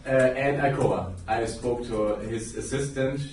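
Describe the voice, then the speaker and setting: A man in a seminar audience speaking in a halting, hesitant way. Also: medium pitch. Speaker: seminar attendee. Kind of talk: audience question. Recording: echoey room from far off, crowd behind.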